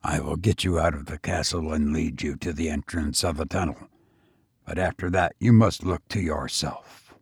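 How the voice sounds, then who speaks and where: A man reading aloud and voicing a cautious, crafty male castle jailer who speaks in a quiet, measured way. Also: very deep voice, steady tone, creaky, husky, no room sound, studio quality, voice pushed down, heavily acted.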